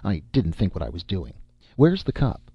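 Man voicing a hurried wealthy man, husky, dull lo-fi. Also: deep voice, huge pitch swings, dry recording, exaggerated voice. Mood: flustered. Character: wealthy, flustered male club member.

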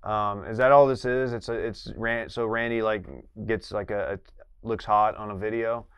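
A man competing in an office quiz, halting and stammering as he thinks out loud in casual chat. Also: on the low side, steady tone, smooth, no room sound, clean studio sound. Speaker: quiz contestant.

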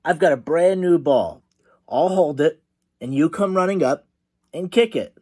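A scheming little girl with a sweet, sing-song tease, put on by a man reading to children. The voice is raised high and swoops widely. She sounds bossy and sure of herself. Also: expressive, a little slow, a little mellow, slightly rough. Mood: teasing.

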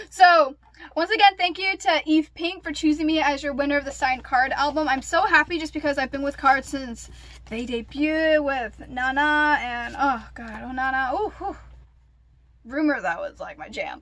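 A young woman vlogger chatting casually through an unboxing, gushing and excitable with lots of gasps and fillers. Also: sits high, normal speed.

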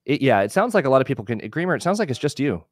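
A man giving a relaxed live screen-share tutorial on a video call, explaining as he clicks through. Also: medium pitch, racing, no room sound, studio quality. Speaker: webinar instructor.

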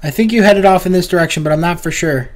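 A man's voice: high voice, fast talker. A young man hosting a casual gaming session, often sighing and exasperated with his teasing partner. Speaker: channel host and gamer.

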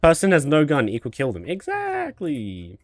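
A male streamer gives loose, cocky commentary over a video game, cracking jokes and swearing freely. His voice is a little high and swings all over, recorded dry and close. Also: huge pitch swings, normal speed, no room sound. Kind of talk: casual gameplay commentary.

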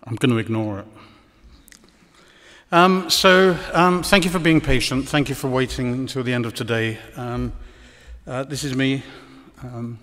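In a lecture hall with long reverb, a man with a medium-pitched, slightly bright voice gives a conference talk. He's hesitant, filling it with lots of ums and dry, ironic asides.

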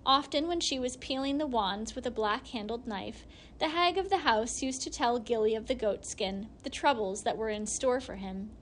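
A woman reading a storybook aloud in steady, measured narration. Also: fairly high pitch, slight background noise. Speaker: reader.

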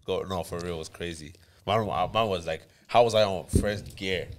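A young man co-hosting a casual podcast chat, laid-back and quick to laugh. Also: low-pitched. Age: young adult. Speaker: podcast co-host.

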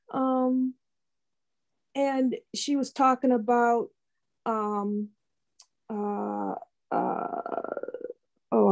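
A woman's voice: on the high side, mellow. A woman in her sixties sharing a personal testimony with a Bible study group, rambling and heartfelt with many fillers. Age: 60s.

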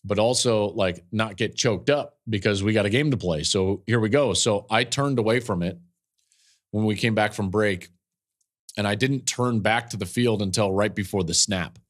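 A man hosting a podcast, telling the story of a game he called with animated emphasis and frequent restarts, speaking into a studio podcast mic. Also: on the low side, normal speed. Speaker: podcast host and football analyst. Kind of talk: casual analysis.

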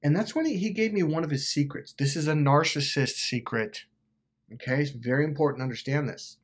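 A man's voice: fairly high pitch, fairly quick. A man hosting a self-help video, telling a personal story in a casual, rambling way with swearing and lots of fillers. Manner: animated, profane, rambling with many fillers.

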